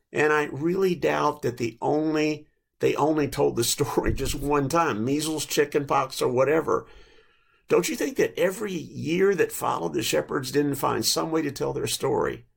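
An older man in his late sixties preaching a reflective sermon, telling stories gently with small restarts. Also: medium pitch, gravelly. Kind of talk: sermon with storytelling.

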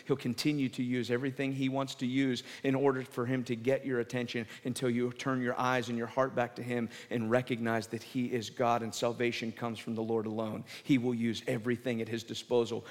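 A man preaching a sermon, mid-pitched, retelling the story with lively animation. He sinks into soft, earnest emphasis when driving a point home. His voice rings out in a hall with a long reverb. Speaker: pastor.

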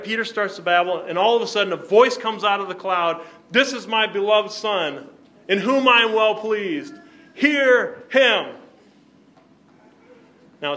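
A man's voice: high-pitched, bright, forceful tone, slight background noise. A man teaching a Bible class, who keeps checking in with his listeners by asking "right?" and putting questions to the group.

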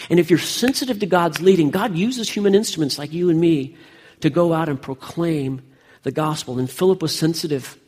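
A man's voice: on the high side, darkish tone, breathy edge. A man preaching a sermon as pastor, with emphatic delivery that rises and falls.

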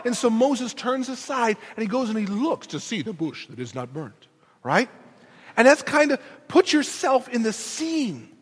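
A male pastor preaching a sermon in an animated, storytelling way with casual conversational asides, in a church. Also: very high voice, slightly rough. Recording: reverberant hall.

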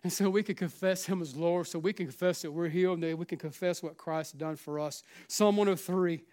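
A middle-aged pastor with a South Carolina Southern accent preaches with fervor. His voice sits a touch higher than most men's, and he swings from loud, urging peaks down to hushed, almost whispered lines. He keeps pressing listeners with "listen.". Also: brisk. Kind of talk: sermon.

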